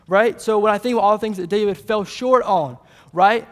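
A man preaching a sermon, retelling a Bible story in lively casual paraphrase and voicing its characters. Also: high-pitched, normal speed. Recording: long hall reverb.

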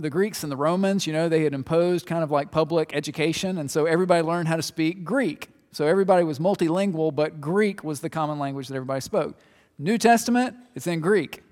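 A man preaching and answering questions in a chatty, animated way, joking and checking in with his listeners. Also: on the high side, long reverb tail. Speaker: pastor.

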